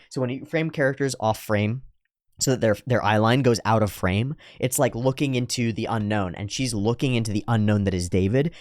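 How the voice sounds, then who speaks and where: A man hosting an anime reaction show, giving casual, excitable, profane commentary on an episode. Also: lowish voice, no room sound, studio quality. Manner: excitable and profane, jumps between breakdown and hype.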